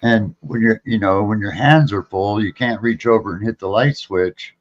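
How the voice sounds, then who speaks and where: A man's voice: fairly low pitch, normal speed. A man explaining things plainly in casual chat, over a dull lo-fi mic.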